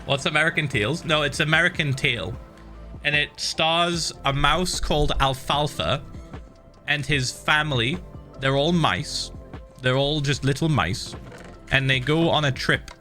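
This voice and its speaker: A man's voice: fairly high pitch, a little slow, bright, forceful tone, soft background music. A man streaming a game, chatting casually and animatedly, swearing and laughing often. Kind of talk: casual livestream chat while gaming.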